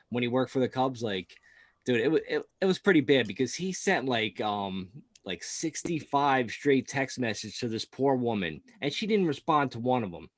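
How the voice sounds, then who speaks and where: A man's voice: mid-range voice, no echo, clean studio sound. A man co-hosting a casual sports podcast, rambling and profane, full of fillers and laughs. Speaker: podcast co-host.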